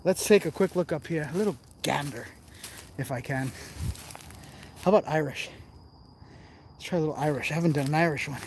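A man films himself exploring outdoors on a handheld phone, joking and chatting straight to his viewers. His voice is fairly high, and faint crickets chirp in the background. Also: fairly quick, pauses often, slight background noise. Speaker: vlogger. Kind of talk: casual vlog commentary while exploring. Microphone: handheld phone camera.

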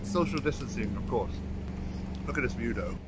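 A man vlogging in a casual, excitable way, swearing freely, recorded on a phone. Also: medium pitch, moderate pace, heavy background noise. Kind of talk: casual vlog chat.

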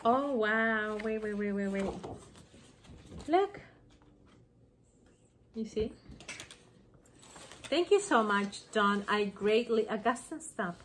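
A woman chatting excitedly on her home craft vlog, gushing over gifts she received. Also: medium pitch, a little hiss or hum. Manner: gushing, excited, slow-paced. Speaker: craft vlogger. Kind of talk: casual vlog chat.

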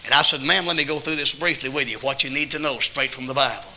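A man with a Southern accent preaching a sermon as an evangelist, telling folksy stories and quoting people, with bursts of loud emphasis. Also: medium pitch, fast, rough recording. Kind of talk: sermon with storytelling. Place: church auditorium.

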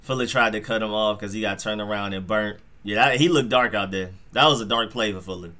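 A man hosting a live football reaction stream, talking straight to his chat in an excitable, slangy way. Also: fairly low pitch, fairly quick.

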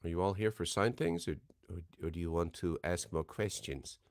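A man's voice: sits low, normal speed, darkish tone, no echo, studio quality. A man hosting a signing livestream, talking in a rambling, chatty, self-deprecating way at a desk microphone. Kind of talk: casual livestream chat.

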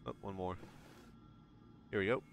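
Dude doing let's play commentary, lowish voice, laid back, reads notes out loud, faint hiss. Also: male voice, a little slow. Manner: relaxed, muttering to himself, reading notes aloud. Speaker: gamer.

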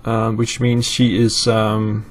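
A man's voice: lowish voice, monotone, slow, slight background noise. A man from Europe casually commenting on his gameplay, thinking aloud with fillers and answering live chat. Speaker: let's play host.

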